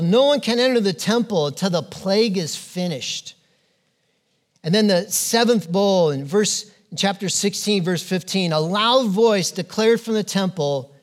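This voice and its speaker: A man preaching a sermon as pastor, earnest and emphatic, pausing often and restarting phrases. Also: fairly high pitch. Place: church.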